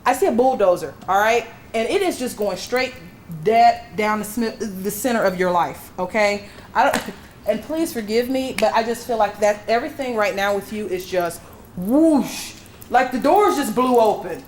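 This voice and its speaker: A woman works as a medium, giving a live reading at an expo with a handheld mic. She sounds reassuring and emphatic and punctuates her talk with breathy exclamations. The faint hum of the hall sits behind her at a middling pitch. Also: expressive, normal speed.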